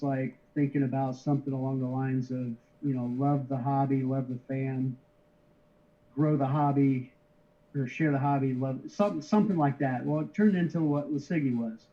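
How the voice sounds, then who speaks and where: A man's voice: mid-range voice, fairly even intonation, dark tone. Middle-aged guy chatting on a call, keeps restarting sentences, kinda dull lo-fi sound. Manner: halting, many restarts, easygoing chuckles. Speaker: interview guest, card shipper. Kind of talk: casual conversational storytelling. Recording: slightly dull lo-fi audio.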